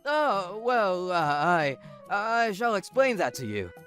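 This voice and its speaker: A man plays a sheepish cheating husband, stammering and dodging. His voice sits fairly high with a lively, bouncing pitch, over faint background music. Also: slow, heavily acted. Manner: stammering, hesitant.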